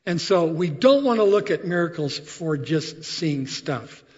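A man preaching a sermon, telling stories in a conversational, animated way with frequent asides. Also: on the high side, measured pace, big-room sound, dull audio. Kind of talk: sermon storytelling.

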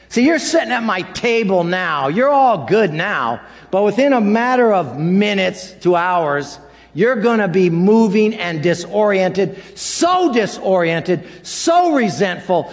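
A man preaches with animated energy, slipping into quoted dialogue as he speaks to his congregation. His voice sits a little higher than most men's. The recording carries a long hall reverb. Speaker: pastor. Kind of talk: sermon.

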